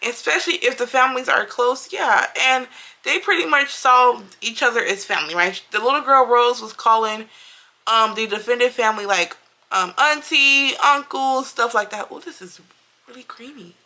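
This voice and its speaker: A woman's voice: fairly high pitch, moderate pace, pushed and bright. A woman doing a casual makeup review and storytime, chatty and emphatic, repeating herself and talking straight to her viewers. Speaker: beauty vlogger.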